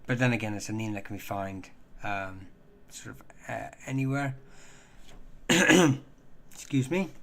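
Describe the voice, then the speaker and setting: Halting, chatty man hosting a stream. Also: lowish voice, a bit bright, a little hiss or hum. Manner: halting, full of ums and uhs, restarts phrases; chatty and self-deprecating. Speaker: host answering viewer questions on surnames. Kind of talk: casual live-stream chat.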